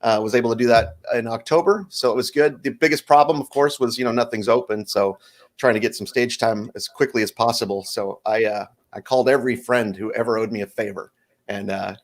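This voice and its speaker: A man's voice: medium pitch, brisk. Forties male comic, easygoing storyteller, mid-range voice, interview guest. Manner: animated storyteller, acts out bits. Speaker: stand-up comedian guest. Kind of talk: stand-up set then casual interview.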